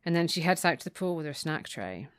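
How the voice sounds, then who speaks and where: A woman's voice: sits low, very animated, fast talker, clear, resonant tone, no echo. A woman co-hosting a book podcast, recapping the plot and reading passages aloud with dry, mock-dramatic relish. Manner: reads quotes with dry, mock-dramatic relish, laughs often. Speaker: podcast co-host.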